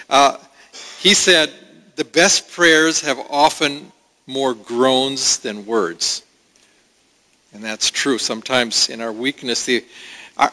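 A pastor preaching a sermon in an earnest, pausing way, with restarts. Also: male voice, mid-range voice, bright, forceful tone, in a large hall, low-quality recording.

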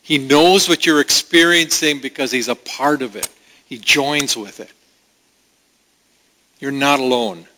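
Bright-voiced man preaching in a big hall. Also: medium pitch, a little hiss or hum. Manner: earnest, pausing, with restarts. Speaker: pastor. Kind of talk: sermon.

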